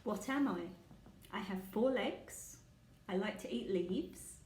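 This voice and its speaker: Slow, patient woman teacher. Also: mid-range voice, a little mellow, slight background noise. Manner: slow, patient, asks the listener questions. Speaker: children's teacher. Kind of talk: guessing game for young children. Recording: echoey room.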